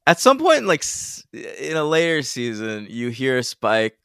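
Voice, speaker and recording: A man's voice: mid-range voice, huge pitch swings, unhurried, vocal fry, a bit bright, clean tone, dry recording, clean studio sound. A man co-hosting a podcast who fills in plot details in casual chat and laughs often. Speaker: podcast co-host. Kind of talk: casual episode recap chat.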